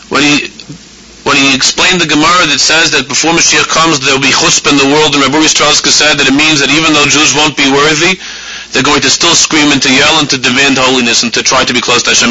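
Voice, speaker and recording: A man teaching a spoken religious lesson to a live audience, animated, often repeating phrases and acting out inner voices. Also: mid-range voice, slightly rough, poor audio. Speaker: rabbi teaching a class.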